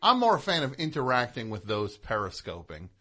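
A man's voice: mid-range voice, wildly swooping pitch, fairly quick, bright, forceful tone. A man hosting a radio show, chatting casually in a jokey, rambling way. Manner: rambling, jokey, breaks into laughter and silly voices. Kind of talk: casual comedic radio chat. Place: radio studio.

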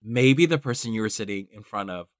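A woman co-hosting a casual podcast chat, expressive, reacting with gasps and laughs. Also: rumbling low, fairly quick, no echo, clean studio sound. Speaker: podcast co-host.

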